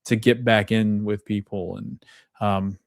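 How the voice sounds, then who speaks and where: A man's voice: on the low side, steady tone, unhurried, no room sound, studio quality. A man hosting a podcast, casually recapping and reacting to a TV episode in a rambling way, full of fillers and loosely retold quotes. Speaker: podcast host.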